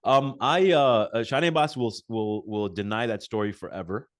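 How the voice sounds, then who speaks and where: A man hosting a casual sit-down interview, telling animated stories full of fillers and restarts. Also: fairly low pitch, moderate pace. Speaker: podcast host.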